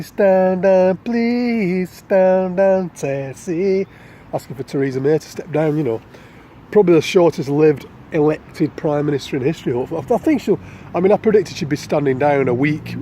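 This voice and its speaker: A man's voice: mid-range voice, warm tone, slight background noise. A man with a London accent, talking casually and rambling outdoors in a city, repeating words and swearing now and then. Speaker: vlogger. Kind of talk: casual opinion monologue.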